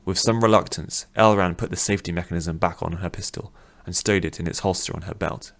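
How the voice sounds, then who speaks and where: A man reads a fantasy audiobook in a steady, measured way. His voice sits very low. The delivery is plain storytelling. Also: creaky. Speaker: audiobook narrator.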